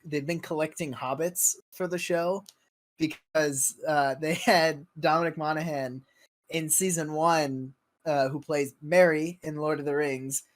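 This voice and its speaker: A young man hosting a casual podcast, easygoing and quick to laugh, with loose fillers. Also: fairly high pitch, fairly even intonation. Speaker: podcast host.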